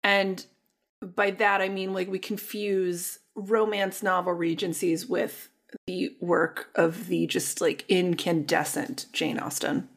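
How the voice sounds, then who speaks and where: A woman's voice: fairly low pitch, flat delivery, takes it slowly. A woman co-hosting a casual podcast, a therapist talking in a dry, wry, talkative way.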